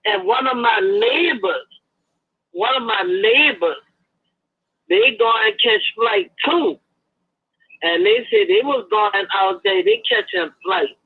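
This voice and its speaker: A woman calling in to a talk stream, dropping teasing hints in a sing-song voice with drawn-out endearments. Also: mid-range voice, lively intonation, husky. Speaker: caller. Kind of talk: gossipy call-in chat. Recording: tinny phone line.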